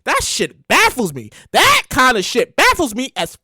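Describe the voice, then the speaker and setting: A man hosting his own podcast, ranting loudly and hyperactively with plenty of swearing, and acting out other people in shouts. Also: extremely high pitch, unhurried, breathy edge, no room sound, studio quality. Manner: loud, hyper and animated, with profanity; acts out quoted people in shouts. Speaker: podcast host. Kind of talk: solo podcast rant.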